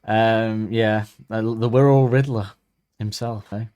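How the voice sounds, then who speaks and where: A man with a fairly low voice talks in loose, meandering podcast chat, often stalling on ums and starting sentences over. The sound is dry and close, with no room around it. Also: steady tone, slow pace, a little mellow, clear, resonant tone, dry recording, dull audio. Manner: rambling, hesitant, many ums and restarts. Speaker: podcast co-host. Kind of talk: casual chat.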